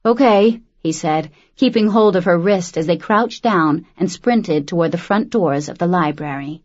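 A woman narrating a novel as an audiobook, reading in a measured, steady way on a dull lo-fi recording. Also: fairly low pitch. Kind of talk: scripted narration.

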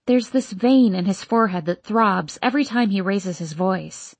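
A woman's voice: mid-range voice, moderate pace, few pauses, no room sound. A woman reading first-person audiobook narration in a wry, inward way.

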